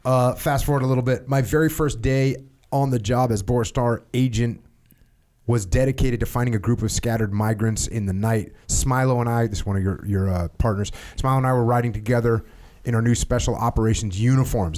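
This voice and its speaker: A man hosting a podcast interview, measured, reading passages from a book and laughing along with his guest. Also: fairly low pitch, a little mellow. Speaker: podcast host.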